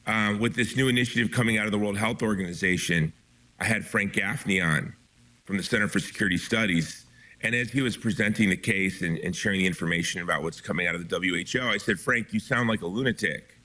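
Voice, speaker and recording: A low-pitched man talks as a guest author with a forceful, tense edge to his voice. He presses his points urgently and emphatically, often restarting mid-sentence. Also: fast. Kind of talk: impassioned interview talk.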